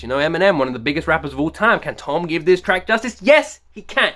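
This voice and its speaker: Fast, bright-voiced man reacting. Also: high voice, big pitch swings. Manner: emphatic, repeats rhetorical questions. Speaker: reaction video host. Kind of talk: excited music reaction commentary.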